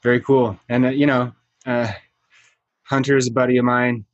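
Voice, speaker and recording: A man's voice: mid-range voice, level tone, moderate pace, no room sound, muffled recording. Easygoing male podcast host, dry sound. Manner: easygoing, laughs often. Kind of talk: casual chat.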